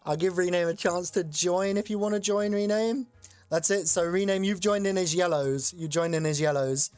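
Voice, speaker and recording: A streamer hosting a chat-voted game live, excitable and loose, swearing casually while explaining the rules. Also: medium pitch, normal speed, soft background music.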